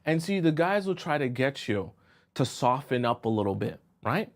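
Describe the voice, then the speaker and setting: A man's voice: mid-range voice, big pitch swings, moderate pace. A man giving dating advice as a coach on a live stream. He speaks emphatically and often checks in with "right?" and "okay?".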